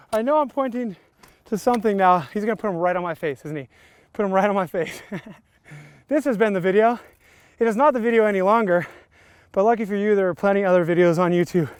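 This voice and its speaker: A man's voice: high voice, a little fast, pauses often, clear, resonant tone, dry recording. A man in his thirties hosting a casual outdoor bike vlog, joking and laughing often. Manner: laughing, playful, hype shouts. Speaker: vlog host, bike rider. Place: outdoors at a dirt jump.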